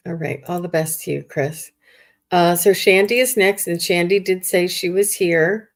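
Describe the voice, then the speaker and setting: A woman with a low, gravelly voice hosts a live psychic reading stream. She reads viewer questions aloud in a gentle, sympathetic tone, with a noticeable rasp running through her words. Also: steady tone, moderate pace. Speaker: host, psychic medium.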